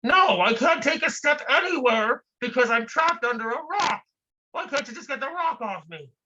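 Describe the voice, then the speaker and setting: Trapped, desperate victim, high shrieking yells, put on by the performer. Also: lively intonation, normal speed, dull audio, heavily acted. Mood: exasperated. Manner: shrill desperate yelling. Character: panicked person trapped under a rock. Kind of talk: comic performance piece.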